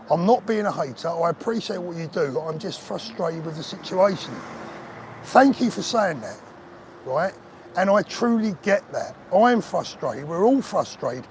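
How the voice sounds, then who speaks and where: An older man talks straight to his viewers on a live stream, earnest and emotional, his voice sitting a little high for a man. Faint street noise and passing traffic hum behind him outdoors. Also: a little mellow. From England. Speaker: livestream host. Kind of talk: live-stream chat reading viewer comments.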